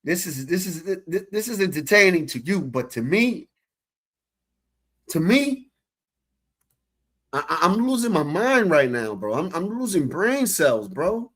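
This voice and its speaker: A man's voice: high-pitched, big pitch swings, moderate pace, few pauses, fairly bright tone, husky. A man giving casual reaction commentary on a clip, talking to his chat in a profane, incredulous, exasperated rant.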